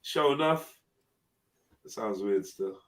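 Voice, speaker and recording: A man's voice: lowish voice, animated, slow. A man hosting a live online panel, chatting casually in slang with frequent swearing and laughter over a video call. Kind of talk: casual chat.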